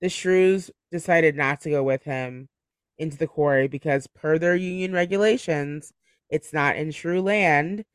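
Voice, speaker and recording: A man with a fairly high voice hosts a relaxed book club podcast. He laughs often and strings his thoughts together with lots of "like". The sound is dry and close. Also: unhurried, clear, resonant tone, no echo. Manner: chatty, laughs often, fills with "like". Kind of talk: casual chat.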